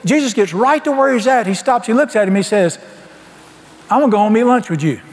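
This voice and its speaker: Speaking fast, a man preaches in church through a folksy, lively story, acting out every exchange. His voice sits high and ranges widely in pitch. The hall's long reverb rings through the sound.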